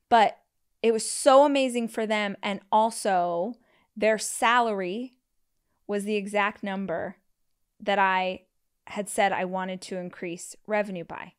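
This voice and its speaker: Animated woman telling a personal story. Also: measured pace, clear, resonant tone. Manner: animated, acts out quotes with big pitch jumps; frequent "like" fillers. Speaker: podcast host. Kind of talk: casual storytelling.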